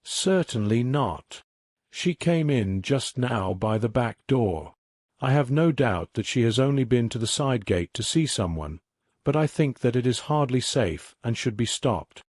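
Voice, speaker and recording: A man narrates an older banker father who speaks with stern indignation, his mid-range voice steady and dry. He sounds like an audiobook character, close to the mic. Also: mid-range voice, measured pace, no echo.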